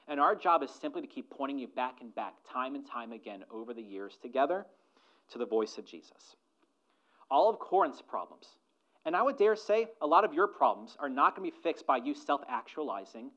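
A pastor with a medium-pitched voice, recorded with lo-fi sound, preaches a sermon. He shifts between soft asides and loud emphatic lines and asks the congregation rhetorical questions.

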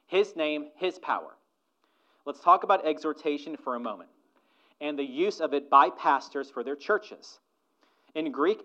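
A male pastor preaches with a bright, fairly high voice, quieting down for asides and then rising to loud, emphatic stresses. He keeps putting rhetorical questions to his congregation. The recording sounds dull and lo-fi. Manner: animated preaching, swings between soft asides and loud emphatic lines. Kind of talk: sermon.

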